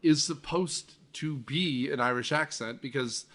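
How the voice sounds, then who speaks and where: A man hosting a casual movie-review podcast, retelling the plot with lively, swearing energy. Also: mid-range voice, a little slow. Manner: animated, swearing, acts out scenes. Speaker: podcast host.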